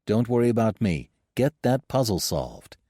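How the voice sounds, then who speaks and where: A man's voice: fairly low pitch, big pitch swings, normal speed, mellow, dry recording, clean studio sound. A man doing a wry young adventurer. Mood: urgent. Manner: sarcastic, joking.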